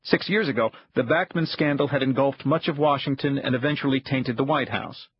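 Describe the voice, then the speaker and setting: A man reading an audiobook thriller in an even, measured scripted narration. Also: medium pitch, slightly rough, no echo, dull audio.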